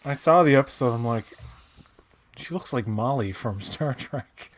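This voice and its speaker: A man's voice: medium pitch, expressive, a little slow. A man co-hosting a casual show commentary, trading dry jokes and mock complaints with his partner. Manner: dry jokey banter, mock grumbling. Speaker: co-host of a watch-along commentary.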